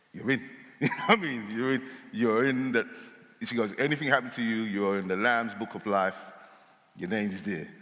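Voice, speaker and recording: A man telling his story as an interview guest, casual and lively, acting out the voices of people in his tale. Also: mid-range voice. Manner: casual speech with dropped words. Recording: long hall reverb in a church.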